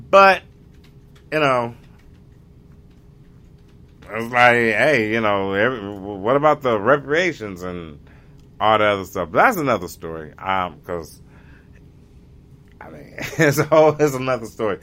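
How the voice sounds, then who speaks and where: A man's voice: mid-range voice, lively intonation, a little slow, long pauses, pushed and bright. A man in a casual, rambling monologue, often restarting and groping for the right word. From United States. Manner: rambling, gropes for words with many restarts. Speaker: vlogger.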